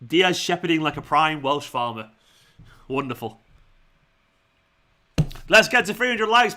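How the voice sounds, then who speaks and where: A young man hosts a live football watchalong. His voice sits a touch high and sounds bright and forward. He talks in a loose, chatty way, laughing often as he reads out viewer comments. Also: animated, moderate pace, pauses often. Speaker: fan channel host.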